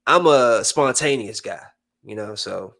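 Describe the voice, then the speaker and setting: A man's voice: lowish voice, measured pace, creaky. A man hosting a podcast in casual chat, talking animatedly and acting out the people he quotes. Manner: animated, acts out quoted voices. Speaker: podcast host.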